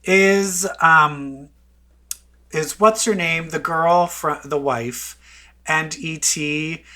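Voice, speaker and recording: A man's voice: a little high, very slow, sharp tone. A man co-hosting a podcast in casual chat, rambling and breaking off his own sentences. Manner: rambling, self-interrupting, chatty. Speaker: podcast co-host.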